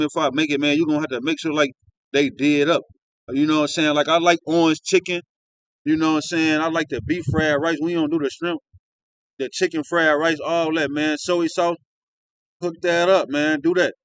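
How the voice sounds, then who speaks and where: High-voiced man preaching loose commentary. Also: no room sound, poor audio. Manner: reads verses then riffs in loose slang, tagging lines with "man". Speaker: street-style Bible teacher. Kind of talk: informal scripture reading and commentary. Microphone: phone.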